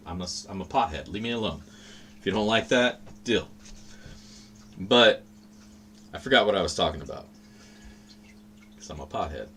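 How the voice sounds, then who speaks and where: A man's voice: fairly low pitch, a bit bright, slight background noise. A man hosting a livestream, chatting casually in a rambling, profane, laid-back way. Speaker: livestream host.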